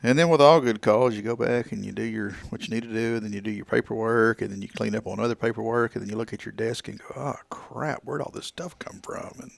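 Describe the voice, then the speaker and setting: Gravelly-voiced man, easygoing guest. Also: on the low side, fairly even intonation, quick pace, hardly any pauses, no echo. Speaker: guest, funeral home worker. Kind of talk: casual chat.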